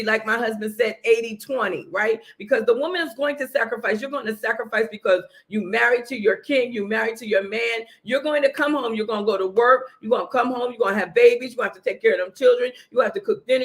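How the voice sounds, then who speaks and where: A middle-aged woman talks through marriage advice like a sermon, earnest and coaching. She leans on repeated check-ins with her listeners and speaks in a relaxed, conversational flow. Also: on the high side. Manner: earnest, coaching, keeps asking "right?". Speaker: podcast co-host giving marriage advice. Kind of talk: casual preaching talk.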